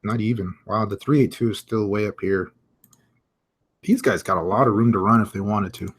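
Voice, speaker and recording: A man hosting a live crypto market stream, giving casual chart commentary, chatty and thinking out loud as he reads viewer comments. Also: fairly low pitch, fairly even intonation, normal speed, breathy edge.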